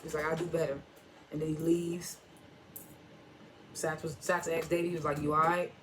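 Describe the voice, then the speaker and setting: Slight background noise sits behind this mid-range, fairly bright voice, which moves at a moderate pace with little pitch variation. It belongs to a TV reviewer speaking AAVE who casually recaps an episode line by line, quoting characters with "he was like" and chuckling and reacting at the twists.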